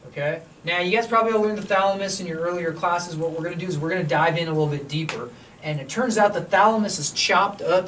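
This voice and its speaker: A man giving a casual, joking university lecture in a lecture hall who often checks in with his students. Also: a little high. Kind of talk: classroom lecture. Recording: distant mic with faint room hum.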